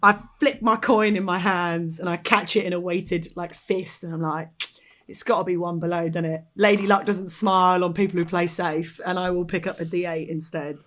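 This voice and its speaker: A woman's voice: lowish voice, steady tone, moderate pace, fairly bright tone. A woman playing a character in a live tabletop game, playful and dramatic, often laughing. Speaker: player. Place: live stage.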